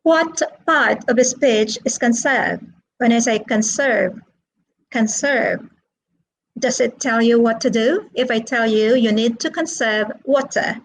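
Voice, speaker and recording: A woman teaching an online English lesson, asking the class questions in a slow, drawn-out teaching manner. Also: a little high, poor audio.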